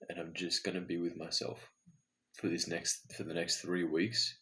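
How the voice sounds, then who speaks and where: A man with a deep, low voice records a late-night video diary. He sounds tired and talks in an earnest, searching way, thinking aloud to himself. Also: little pitch movement, normal speed, bright, forceful tone. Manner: earnest, introspective self-talk. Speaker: vlogger.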